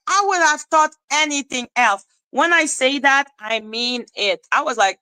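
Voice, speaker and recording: A woman with a high, bright voice rants slowly through a reaction commentary. She sounds exasperated and mocking, swears freely and fires the same question again and again in disbelief. The recording is dry and close. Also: no echo, rough recording. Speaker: commentary channel host.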